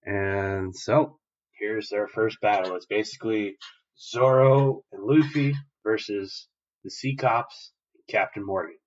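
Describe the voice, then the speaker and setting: A man's voice: on the low side, fairly even intonation, slow pace. A young man hosting a podcast, casually and profanely retelling the plot of an episode in a rambling way, in a dull lo-fi recording. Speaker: podcast host.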